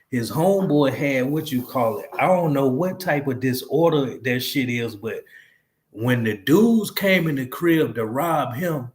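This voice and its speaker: A man giving casual reaction commentary in slang, often checking that the listener follows. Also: medium pitch. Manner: slangy, keeps asking "you get what I'm saying". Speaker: reaction streamer. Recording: echoey room.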